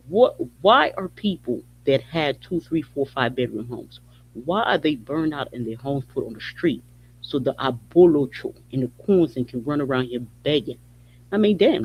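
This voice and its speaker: A man's voice: medium pitch, a little hiss or hum. Heated man ranting, slightly dull audio. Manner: heated, repetitive, blunt, swears often. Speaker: podcast host. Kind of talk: impassioned political commentary.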